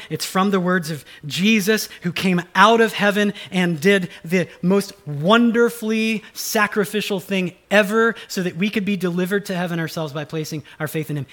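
Male pastor, high voice, earnest and emphatic sermon delivery. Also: fairly bright tone. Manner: earnest, emphatic preaching with acted quotes.

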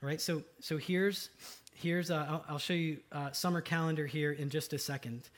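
A man delivering a sermon from the pulpit in a fairly high voice. He talks conversationally, with asides and fillers. He rises to loud, emphatic lines and drops to quiet, low ones. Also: fairly even intonation, moderate pace. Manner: dynamic, swings from loud emphatic to soft and low. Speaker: pastor.

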